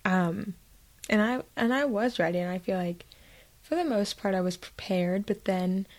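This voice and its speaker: A woman's voice: mid-range voice, moderate pace, poor audio. A young woman hosting her own podcast in a chatty, self-mocking way, with lots of fillers. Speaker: podcast host. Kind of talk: casual solo podcast chat.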